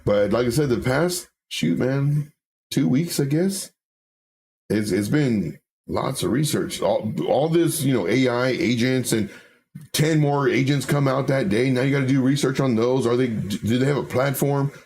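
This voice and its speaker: A mid-range, somewhat mellow male voice moves at a measured pace, with a little hiss or hum in the recording. He's a chatty livestream host who reads viewer comments out loud and discusses charts, often repeating himself.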